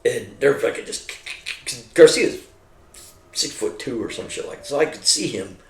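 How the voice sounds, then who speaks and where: A man's voice: mid-range voice, normal speed. A middle-aged army veteran man telling war stories in casual, heavily profane talk, acting out what people said. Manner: heavily profane, animated, acts out quotes. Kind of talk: casual storytelling over drinks. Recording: roomy echo.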